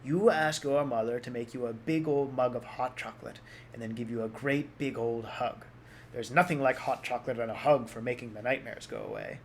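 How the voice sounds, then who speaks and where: A man doing a gruff, patronizing policeman. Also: mid-range voice, animated, fairly quick, a little hiss or hum, natural voice. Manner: condescending, amused.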